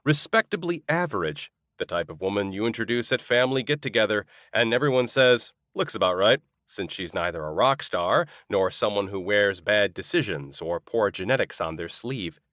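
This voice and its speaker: A man's voice: lowish voice, lively intonation, normal speed, hardly any pauses, fairly bright tone, no echo, studio quality. A man narrating a comic fantasy novel in the first person, wry and storytelling. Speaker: audiobook narrator.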